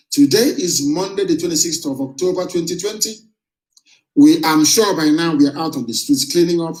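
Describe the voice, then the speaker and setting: Guy, fiery combative speech, voice a bit high for a man, echoey room. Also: darkish tone. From southeastern Nigeria. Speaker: movement leader. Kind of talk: broadcast political address. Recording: roomy echo.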